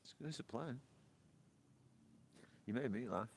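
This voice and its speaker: A man from Britain, hosting a casual livestream chat, laughing often and swearing in excitable outbursts. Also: medium pitch, measured pace, a little hiss or hum. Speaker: livestream host. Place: porch, outdoors.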